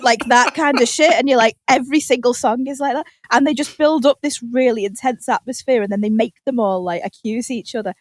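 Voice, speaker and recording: A woman with a fairly high voice, chatting on a podcast. She rambles through animated stories and acts out the lines people said. The sound is close and dry. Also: brisk, few pauses, no echo. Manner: animated rambling storyteller, acting out quotes. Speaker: podcast co-host. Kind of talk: casual chat. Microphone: podcast microphone.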